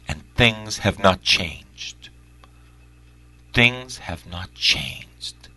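A male preacher in prayerful preaching, who repeats his phrases and swings from loud cries to hushed whispers. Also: sits low, very slow.

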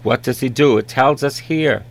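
A man's voice: mid-range voice, moderate pace, gravelly. A man in his sixties preaching a sermon in an earnest, conversational way, repeating simple refrains.

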